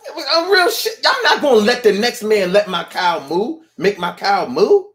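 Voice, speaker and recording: A man's voice: high-pitched, sing-song, moderate pace, fairly bright tone. A man delivering a playful, slangy, rambling comedic monologue, at times mooing like a cow.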